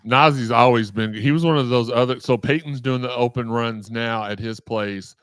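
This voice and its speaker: Podcast host guy, smooth clear voice, casual chatty, dry studio. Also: mid-range voice, moderate pace, a bit bright, dry recording. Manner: loose, conversational. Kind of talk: casual chat.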